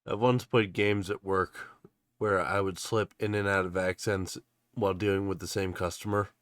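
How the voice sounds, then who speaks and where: A fairly low male voice, chatty and a bit rambling, talking casually with his tabletop group. The recording is dry, with no room sound. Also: fairly even intonation, normal speed, fairly bright tone, dry recording. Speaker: player. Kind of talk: casual chat among players.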